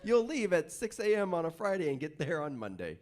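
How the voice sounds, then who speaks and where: A male voice actor on a convention panel, trading deadpan, contrary jokes. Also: a little high, fairly quick, slight background noise. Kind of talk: joking panel banter.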